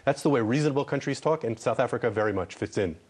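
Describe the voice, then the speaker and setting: A man's voice: medium pitch, quick pace, a little mellow, husky. Earnest ambassador pressing his point. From Israel. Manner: earnest, repeats words when pressing a point. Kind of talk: TV news interview.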